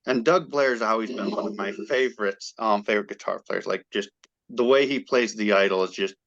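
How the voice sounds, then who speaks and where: Excited man telling a story, lo-fi. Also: on the low side, a little fast, vocal fry. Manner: excited, animated storyteller acting out quoted dialogue. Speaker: guest fan. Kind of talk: casual storytelling.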